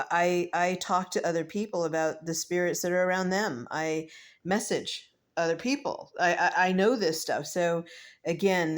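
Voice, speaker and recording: A woman in her fifties, a tarot reader, talking through a card reading in a reflective, emotional and rambling way, with many fillers and soft laughs. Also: low voice. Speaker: tarot reader and spiritual medium. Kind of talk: casual spiritual vlog, tarot reading.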